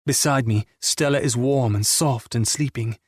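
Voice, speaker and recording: Male audiobook narrator, mid-pitched and husky, subdued and intimate, close dry read. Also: normal speed, no echo. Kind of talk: first-person romance audiobook narration.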